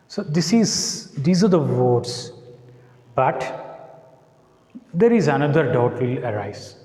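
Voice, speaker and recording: A man with an Indian English accent teaching an English lesson, speaking slowly and deliberately and repeating words to model their stress. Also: a little high, lively intonation, darkish tone. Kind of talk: classroom lecture. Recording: echoey classroom, voice sometimes off-mic.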